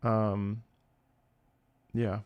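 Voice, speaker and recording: A man's voice: lowish voice, flat delivery, drawn-out words, muffled recording. A man casually chatting with his viewers on a live stream, rambling and joking with chat.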